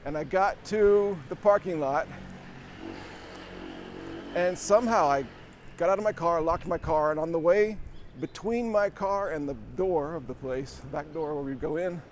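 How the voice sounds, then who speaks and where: A man's voice: on the high side, moderate pace, a little hiss or hum. Breathless man chatting on a bike. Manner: rambling, self-deprecating, chuckling. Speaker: vlogger. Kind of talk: casual storytelling while cycling. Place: outdoors on a city street, riding a bike.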